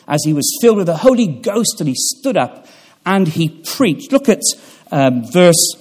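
Pastor preaching, lively pitch, slow. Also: male voice. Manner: measured delivery with pauses and fillers, swelling for emphasis. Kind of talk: sermon. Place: chapel.

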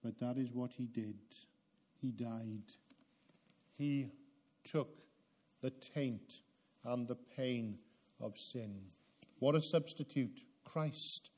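A man preaching a sermon, swinging from loud emphatic peaks down to low, quiet passages with dramatic pauses. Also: steady tone. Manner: slow, deliberate delivery with dramatic pauses.

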